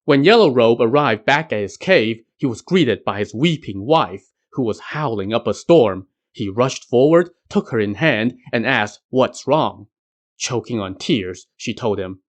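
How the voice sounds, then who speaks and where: A man's voice: medium pitch, expressive, a little slow. A man hosting a podcast, narrating a folk tale with wry conversational asides. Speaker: podcast host. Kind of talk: storytelling narration.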